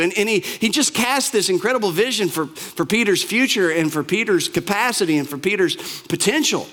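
High-voiced man preaching a lively sermon. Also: fairly quick. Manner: animated storytelling, acts out quoted lines. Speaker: pastor.

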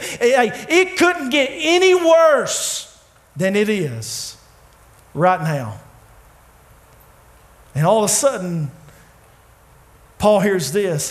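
A man preaching a sermon in a church, with dramatic pauses, swinging from loud, pleading lines to hushed ones. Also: very high-pitched. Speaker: pastor. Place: church sanctuary.

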